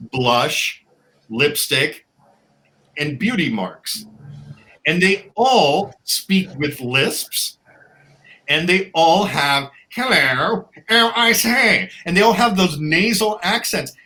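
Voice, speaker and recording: A man's voice: a little high, bright, forceful tone, rough recording. A man co-hosting a podcast, chatting casually and wryly, with many restarts and fillers. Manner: wry, offhand humor. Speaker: podcast co-host. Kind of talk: casual chat.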